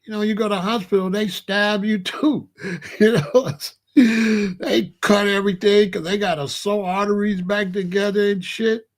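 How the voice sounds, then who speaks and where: Animated man telling a comic story. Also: high voice, moderate pace. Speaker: show host.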